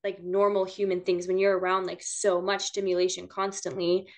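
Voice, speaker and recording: A woman's voice: lowish voice, monotone, normal speed. A woman, a mother of six, chatting casually as a podcast guest, laughing often and using lots of fillers.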